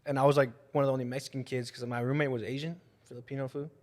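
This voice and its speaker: Young man, rapid storytelling, swearing, acting out quotes, echoey hall reverb. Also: mid-range voice, little pitch movement, a little mellow. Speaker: guest. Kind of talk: casual podcast storytelling. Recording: long room reverb.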